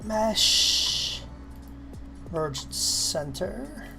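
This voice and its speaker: Over background music, a woman with a mid-range, sing-song voice and some vocal fry chats on a casual live stream as she works on 3D modeling. She speaks slowly, narrates her own steps, and talks to her cat in a tone that's affectionate yet exasperated.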